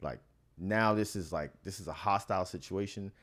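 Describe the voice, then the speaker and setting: An American man co-hosting a podcast, telling a story in a laid-back, frank, animated way and acting out the people in it. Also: low voice, normal speed. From United States. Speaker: podcast co-host. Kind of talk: casual chat, storytelling.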